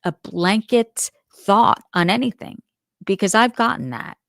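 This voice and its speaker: A woman's voice: medium pitch, a little slow, creaky, fairly bright tone, no echo, studio quality. A woman hosting a crime show, giving casual, candid opinions and thinking aloud as she talks.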